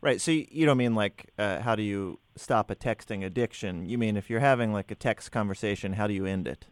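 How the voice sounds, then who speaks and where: A man hosts a radio advice show, chatting casually and joking with his co-host and callers. His voice sits a little low. It is recorded dry and close, with no room sound. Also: a little fast, no room sound. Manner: playful, joking. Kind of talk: casual chat.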